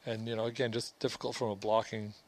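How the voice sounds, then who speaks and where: A man's voice: fairly low pitch, flat delivery, fast, a crowd in the background. A man, the film's director, giving rambling commentary full of restarts. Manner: rambling, with many restarts and fillers. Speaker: film director. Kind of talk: film commentary.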